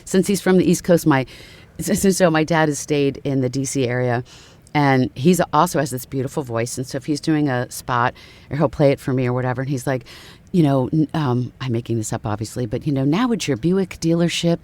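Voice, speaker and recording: Animated woman voice actor chatting. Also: rumbling low, brisk. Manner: animated storyteller who slips into character voices. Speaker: voice actress guest. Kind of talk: casual interview chat.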